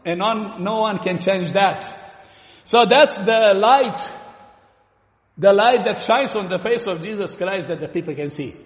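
A Romanian-accented man delivers an earnest sermon, often turning questions to the congregation and pausing with fillers. His voice sits high for a man. The recording is from a church hall with strong room echo and a long, trailing reverb. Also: lo-fi sound. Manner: earnest, asks the listeners questions, pauses with fillers. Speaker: preacher.

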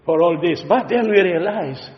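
A man's voice: high voice, expressive, normal speed. A male preacher giving a sermon, explanatory and emphatic, with frequent fillers. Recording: echoey hall, dull lo-fi sound.

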